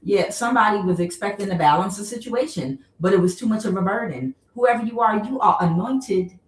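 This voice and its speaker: A woman giving a casual tarot reading, blunt and profane, breaking into joking, animated rants. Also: mid-range voice, fairly quick, recorded from a distance. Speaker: tarot reader. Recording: echoey room, voice away from the mic.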